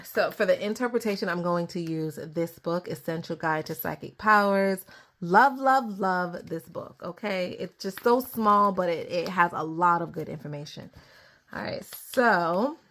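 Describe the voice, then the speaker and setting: A young adult woman giving a casual tarot reading to camera at her table, chatty and easily excited, laughing often. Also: on the low side, normal speed. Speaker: tarot reader.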